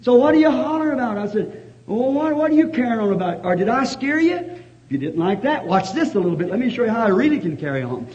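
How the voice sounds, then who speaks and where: A man preaching a revival sermon, telling a story in a hushed voice and then breaking into excited shouts of praise. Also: high-pitched, fast. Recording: dull lo-fi archival tape.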